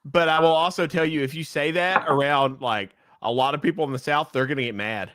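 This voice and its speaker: A man co-hosting a casual sports podcast, talking loud, swearing and acting outraged in jest. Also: on the high side, fairly quick. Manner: loud, profane, mock-outraged. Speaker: podcast co-host.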